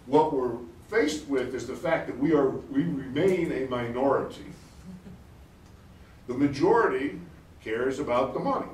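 A middle-aged man giving a live conference talk in an animated, excitable way, laughing as he speaks. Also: mid-range voice, unhurried, a little hiss or hum. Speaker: conference speaker, energy advocate. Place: conference hall. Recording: roomy hall, distant mic, faint ambience.

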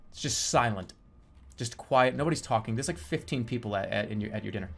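A man in his thirties streaming video games, chatting casually with animated, giggly swings into loud outbursts. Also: medium pitch, fast talker, vocal fry, husky, faint music behind. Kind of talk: casual gaming stream chat.

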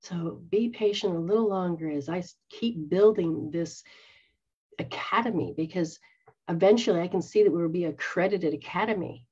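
Woman, spiritual teacher, earnest, acts out quotes, breathy mid pitch, dull recording. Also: moderate pace, darkish tone. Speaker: psychic medium and spiritual teacher. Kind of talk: spiritual talk to followers. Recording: dull lo-fi sound.

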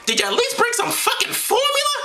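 A man putting on a high, shrieking voice for a foul-mouthed, indignant woman in a comedy bit. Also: huge pitch swings, brisk, roomy sound, background noise, heavily acted. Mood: shrill indignant. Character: foul-mouthed shrill woman playing Mary.

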